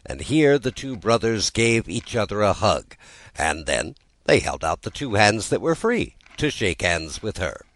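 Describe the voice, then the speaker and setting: Deep male voice reading a storybook, very lively up and down, dry close sound. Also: unhurried, no room sound, low-quality recording. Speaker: audiobook narrator. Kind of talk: storybook narration.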